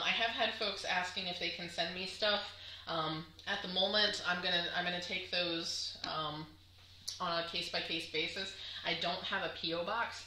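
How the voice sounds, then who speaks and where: A woman's voice: lowish voice, sharp tone, echoey room, slight background noise, low-quality recording. A woman chatting casually to camera on her crafting vlog, gushing and chatty with lots of fillers. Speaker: crafting vlogger.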